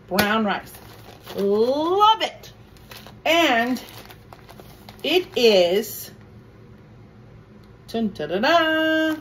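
Poor audio with slight background noise captures a woman's mid-range voice. She's a cooking vlogger making casual chat in her home kitchen, venting about pet peeves as she cooks.

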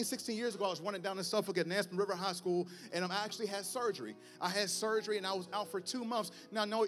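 High, bright-voiced preacher. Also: male voice. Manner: animated, storytelling, rising to shouts at climaxes. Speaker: guest preacher. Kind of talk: sermon with personal testimony.

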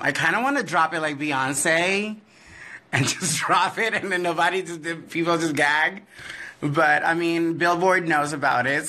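A man's voice: fairly high pitch, bright, forceful tone. A man who performs in drag, answering fan questions in a candid, profane live-stream chat and often trailing off with "I don't know.".

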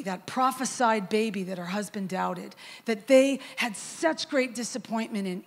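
Preaching as a guest worship leader, a middle-aged woman with a medium-pitched voice tells a story. Her delivery is lively and conversational, and she acts out the quoted lines.

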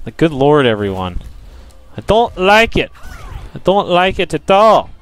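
A young man giving profane, frustrated gameplay commentary, yelling at enemies and joking with viewers. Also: fairly high pitch, big pitch swings, measured pace. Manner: jokey self-promotion to viewers. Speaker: let's play gamer.

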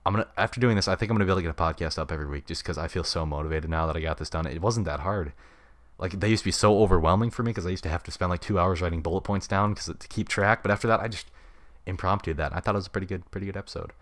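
Low-voiced young man, rambling podcast chat. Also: very fast, no echo. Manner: rambling, laid-back slang. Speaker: podcast host. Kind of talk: unscripted solo podcast chat. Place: home room. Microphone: studio mic with pop filter.

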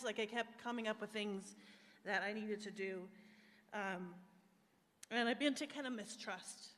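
At normal speed but with long pauses, a woman from the USA speaks in a medium-pitched, fairly bright voice while giving her testimony as a guest speaker. The service is live-streamed from an echoey church hall, and she is frank and emotional, with frequent fillers.

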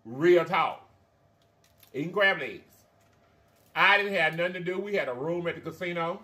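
Lively chatty man eating on camera. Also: on the high side, normal speed. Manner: chatty, addresses viewers as y'all, honey, child; talks while chewing, frequent mm sounds. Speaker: mukbang vlogger. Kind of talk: casual eating vlog chat.

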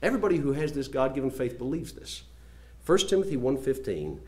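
A man preaching with an emphatic, insistent delivery. He swings from loud declarations down to low, quiet asides, and slows right down when reading scripture aloud. His voice sits at an ordinary middle pitch for a man. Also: sing-song. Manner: reads scripture aloud slowly. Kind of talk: sermon.

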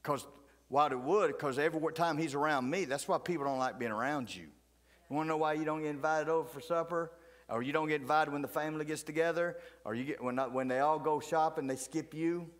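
A middle-aged man, a pastor telling folksy stories in a sermon, flaring loud, then dropping to hushed asides. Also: on the high side, a little fast. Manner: folksy, fiery, swings between loud outbursts and hushed asides. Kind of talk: animated storytelling sermon. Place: church sanctuary. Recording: church hall reverb.

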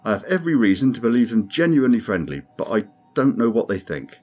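A man's voice: fairly low pitch, very animated, quick pace, darkish tone, husky, soft background music, voice pushed up. A man voicing a grim, sardonic male alien crewman who speaks dryly and insistently. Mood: troubled. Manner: dry, insistent, ominous.

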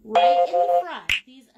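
A woman's voice: medium pitch, highs cut off. A woman with a Maine accent, teaching a live painting lesson in a chatty, jokey, upbeat way. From United States. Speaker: painting instructor.

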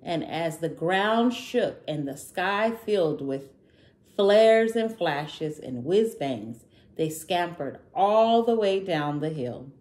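A woman narrating a children's picture book aloud in a gentle, expressive way. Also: on the low side, takes it slowly, roomy sound. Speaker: children's storyteller.

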